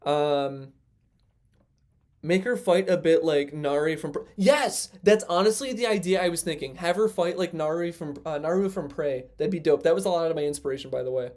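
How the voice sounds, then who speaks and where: Chatty man livestreaming, slightly high voice. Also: normal speed, darkish tone. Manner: rambling, lots of fillers, self-deprecating. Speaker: livestream host. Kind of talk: casual livestream chat.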